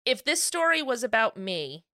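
A woman co-hosting a casual podcast, playful and teasing her co-hosts. Her voice is bright and forward. The sound is dry and close. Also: on the high side, sing-song, normal speed, no room sound. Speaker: podcast co-host. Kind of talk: casual comedic chat.

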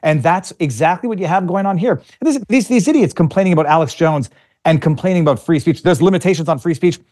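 A man's voice: a little high, expressive, fast, a little mellow. A man speaking as an interview guest, arguing passionately and combatively, often repeating words as he gathers his thoughts. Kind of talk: conversational interview.

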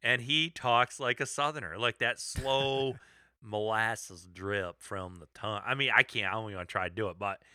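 Brief: middle-aged Midwestern co-host, giggly sidekick, very bright sharp tone, dry close mic. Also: male voice, fairly low pitch, normal speed, smooth, no room sound. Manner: giggly, interrupts with asides. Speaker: podcast co-host. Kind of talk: casual chat.

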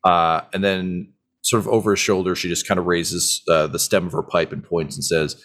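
A man's voice: deep voice, steady tone, moderate pace, fairly bright tone. A man narrating a tabletop game as game master, full of ums and uhs as he goes.

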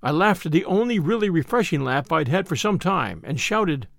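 A male narrator reads a classic novel aloud with theatrical, brash expression. His fairly high voice swings widely in pitch, and the sound is dry and close to the mic. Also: big pitch swings, moderate pace, creaky, few pauses, fairly bright tone, dry recording. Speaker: audiobook narrator.

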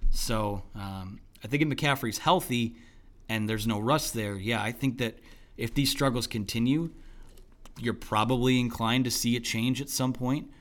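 Man, sports analyst, post-game football chat, hoarse voice, halting, many ums and restarts, mid-pitched. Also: a bit bright. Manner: thinking aloud with many fillers and restarts. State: losing his voice.

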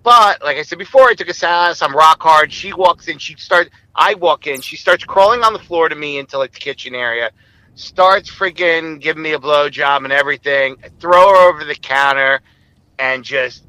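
A man's voice: a little high, normal speed, bright, forceful tone, smooth, no echo, rough recording. A man telling a long, explicit personal story in a rambling, casual way, often quoting others.

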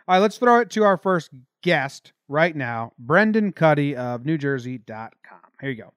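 A young man co-hosting a sports podcast, talking in a quick, opinionated, loose way. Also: on the high side, very animated, clear, resonant tone, dry recording, studio quality. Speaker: podcast co-host. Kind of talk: casual sports podcast chat.

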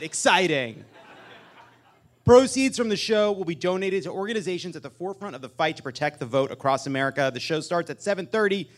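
A man hosting a live comedic political talk show on stage, joking and animated, with loud emphatic bursts. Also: fairly high pitch, normal speed, a crowd in the background, noisy background. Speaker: podcast host.

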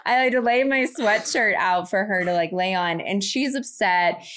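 A woman in her thirties, co-hosting a podcast, telling a story in a casual and animated way. She laughs often and acts out what people said. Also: medium pitch, moderate pace, slight background noise. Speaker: podcast co-host.

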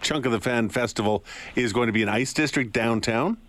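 A man's voice: mid-range voice, a little fast, a bit bright. A man co-hosting a morning radio show in a studio, chatting and teasing in a playful way. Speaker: radio co-host.

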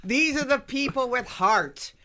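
A middle-aged woman hosts a comedy talk show from a radio studio. Her voice is bright and ringing, and her manner is playful and gushing. She chats casually with her guests. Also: high voice, lively intonation, unhurried. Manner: gushing and playful, laughs easily.

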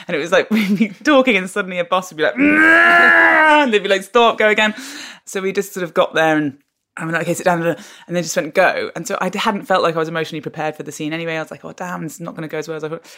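A woman guest on a podcast interview, telling stories in an animated, expressive way and laughing often. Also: fairly low pitch. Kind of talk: conversational interview.

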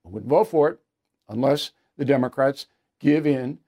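A man's voice: mid-range voice, moderate pace, warm tone, breathy edge. A man hosting an opinionated news commentary show, talking in an indignant, sarcastic way with scoffing asides, in a studio. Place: studio with earpiece to producers.

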